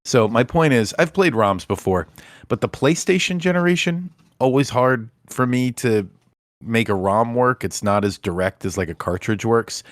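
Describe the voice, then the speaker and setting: A man co-hosting a casual podcast, talking in a relaxed, rambling, self-deprecating way. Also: mid-range voice, normal speed, no echo, clean studio sound. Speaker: podcast co-host. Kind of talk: casual chat.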